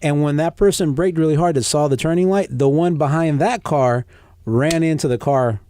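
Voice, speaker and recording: A podcast guest whose voice is on the high side speaks at normal speed, with a little hiss or hum in the recording. He's an animated storyteller in casual chat, acting out the voices of the people he quotes.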